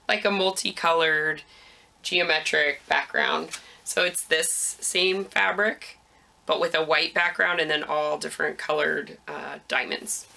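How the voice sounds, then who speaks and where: A woman's voice: fairly low pitch, vocal fry, sharp tone. A woman hosting a knitting podcast, chatting casually about her projects with frequent ums, a little out of breath.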